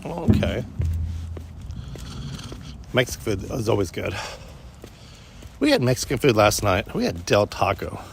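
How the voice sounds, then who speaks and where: A man's voice: lowish voice, big pitch swings, a little slow, creaky, pauses often, soft background music. A man talking casually while out on a morning walk, meandering from thought to thought and restarting sentences often. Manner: meandering, self-interrupting, frequent restarts. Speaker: vlogger. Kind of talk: rambling walk-and-talk vlog.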